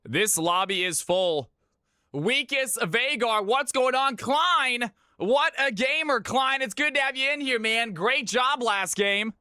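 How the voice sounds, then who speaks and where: High, bright-voiced hype streamer man. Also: slow, clear, resonant tone, dry recording, clean studio sound. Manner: hype, energetic shout-outs to chat. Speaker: game stream host. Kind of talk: live stream hosting.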